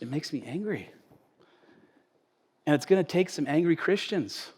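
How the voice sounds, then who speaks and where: A male pastor preaching a sermon in a church sanctuary, conversational, swinging from loud emphasis to quiet asides. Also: medium pitch. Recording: echoey church hall.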